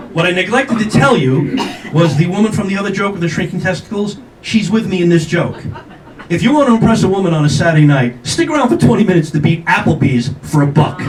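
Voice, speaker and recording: A man's voice: high voice, animated, brisk. An older man performing a stand-up comedy set, telling self-mocking stories with brash acted-out quotes. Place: comedy club stage with audience laughter. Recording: echoey club from a distance, noisy.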